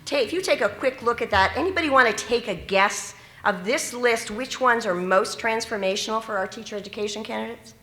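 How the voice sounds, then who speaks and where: Bright-voiced woman presenting in an echoey hall. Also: a little high, fairly quick, few pauses. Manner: earnest, engages audience with questions. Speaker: teacher educator. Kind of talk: conference presentation. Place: conference hall. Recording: echoey conference room.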